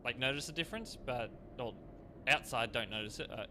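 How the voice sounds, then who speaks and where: Bright-voiced streamer chatting casually. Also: male voice, medium pitch, a little fast, slight background noise. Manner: casual, rambling, with frequent fillers. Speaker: game streamer. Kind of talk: live-stream commentary, reading chat aloud.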